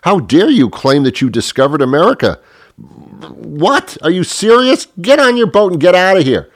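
A man's voice: a little high, big pitch swings, moderate pace, pitched above the performer's own voice. A man voicing an indignant man who is defending his home, scolding in a raised voice.

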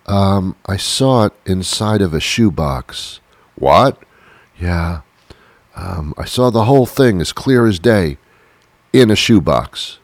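A man delivering a rambling, deadpan comic monologue with mock-confused asides while sitting on a porch outdoors. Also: low-pitched, slow pace, no echo. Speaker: comedian.

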